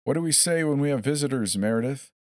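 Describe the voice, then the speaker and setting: A man's voice: on the low side, very animated, a little fast, no room sound, studio quality, pitched above the performer's own voice. A man voicing a cheerful, sinister cloaked man who shows off a tortured woman, in a coaxing, showman-like way.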